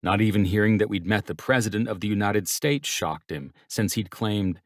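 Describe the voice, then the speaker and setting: A man narrates a first-person romance audiobook in a very low, measured voice. He tells the story evenly, without hurry. The studio sound is dry and close, with no room echo.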